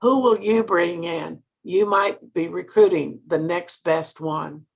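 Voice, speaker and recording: Gravelly older woman giving a pep talk. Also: on the low side, slow pace. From Mississippi, US. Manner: earnest, preacherly, asks the listeners direct questions. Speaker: sales director giving a training talk. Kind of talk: motivational talk.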